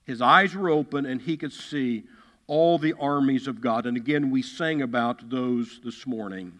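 A man's voice: mid-range voice, moderate pace, fairly bright tone. A man preaching a sermon as a pastor, emphatic, repeating key phrases and acting out the quotes he reads. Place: church sanctuary. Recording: long hall reverb.

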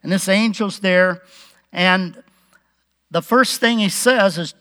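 A man preaching a relaxed Bible-teaching sermon, chuckling now and then and acting out the quotes. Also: high voice, takes it slowly, clean tone.

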